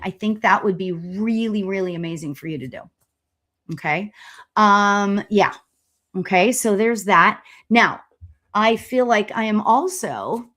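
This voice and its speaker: A woman spiritual medium doing a live stream tarot reading. She talks in a gushing, chatty way with many laughs and excited exclamations. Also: medium pitch. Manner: chatty and rambling, with fillers and restarts.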